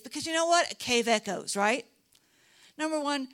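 A middle-aged woman from Texas, teaching a Bible lesson in an animated, chatty way and teasing her listeners. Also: sits high, moderate pace, long pauses. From Dallas, Texas. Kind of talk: sermon.

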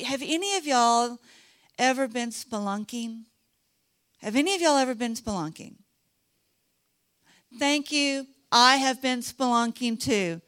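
High-voiced, unhurried woman teaching. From Dallas, Texas. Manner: animated, chatty, teasing the audience. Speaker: Bible teacher. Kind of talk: sermon.

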